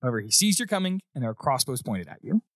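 Husky man running a tabletop game. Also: mid-range voice, racing, no echo, clean studio sound. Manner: relaxed, laughing, rambling with fillers. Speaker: dungeon master.

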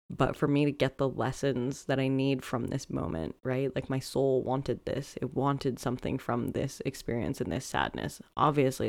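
Guy with a gravelly, creaky voice, mid pitch, chatting candidly on his podcast, dry close sound. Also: no echo. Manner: casual, candid, swears often, many "like" fillers. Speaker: podcast host and coach. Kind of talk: reflective solo podcast monologue.

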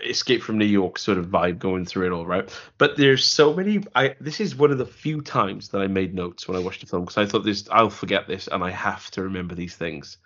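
A man talks through a film in a loose, rambling way, full of restarts and dry asides. His voice sits low, and the recording is dull and lo-fi. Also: expressive, brisk, hardly any pauses, a bit bright. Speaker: podcast co-host. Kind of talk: casual film review chat. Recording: dull lo-fi audio.

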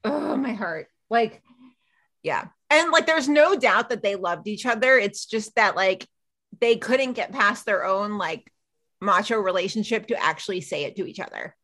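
A woman's voice: mid-range voice, moderate pace. A woman hosting a podcast, retelling a TV episode in casual chat and acting out the characters' lines. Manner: animated, acts out characters' lines while retelling. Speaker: podcast host.

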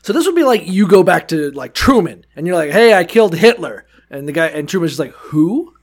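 Gravelly, lively higher-voiced man joking. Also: quick pace. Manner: crude jokes, acts out biblical figures in modern slang. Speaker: podcast co-host. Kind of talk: casual irreverent Bible discussion.

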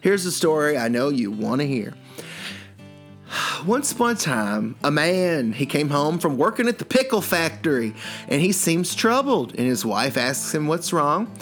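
A man's voice: a little high, sing-song, unhurried, a bit bright, soft background music. A man co-hosting a comedy chat show, telling jokes playfully and chuckling through them. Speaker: co-host.

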